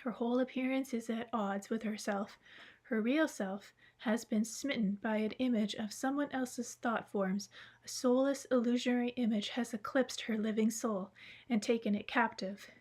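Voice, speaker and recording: A patient, grandfatherly old man, calm and wise, explaining things in an unhurried, gentle way, read by a woman. The voice sits fairly high. It comes from a plain audiobook reading. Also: natural voice, poor audio.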